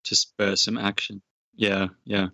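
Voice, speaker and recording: A man's voice: on the low side, level tone, unhurried, creaky, bright, forceful tone. A man co-hosting a podcast, reacting briefly and asking questions in casual chat. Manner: attentive listener with short reactions and questions. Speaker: podcast co-host.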